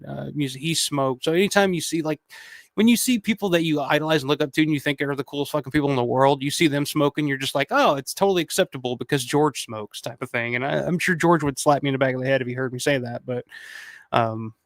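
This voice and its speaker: A man in his thirties talks fast at a medium pitch while hosting a casual livestream, working through viewer comments with rambling, profane, restart-heavy talk. The sound is dry and clean, studio quality.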